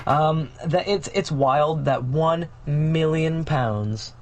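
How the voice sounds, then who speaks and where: A man's voice: on the high side, takes it slowly, darkish tone. A man co-hosting a podcast in casual news-chat style, rambling and joking, with plenty of swearing. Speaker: podcast co-host.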